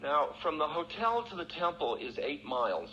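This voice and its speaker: With big pitch swings, a sharp tone, and a voice on the high side at normal speed, a male spiritual teacher candidly mocks himself while recounting a personal story, laughing often. It is a dull, lo-fi archival recording with faint hiss.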